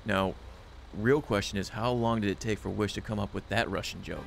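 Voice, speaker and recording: A man on a game stream, chatting and giving friendly shout-outs to viewers. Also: lowish voice, fairly even intonation, brisk, vocal fry, faint music behind. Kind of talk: casual game stream chat.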